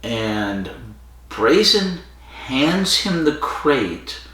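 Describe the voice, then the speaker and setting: A man with a very animated, sharp-toned mid-range voice speaks very slowly, sounding roomy and distant from the mic. Co-hosting a casual podcast, he recaps an episode's plot in a rambling way, with frequent fillers and restarts.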